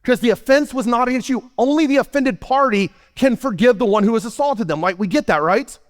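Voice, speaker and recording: A man preaching a sermon as pastor, animated and storytelling. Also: very high voice, brisk. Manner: animated, storytelling preacher who acts out scenes. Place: church sanctuary. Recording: long hall reverb in a church.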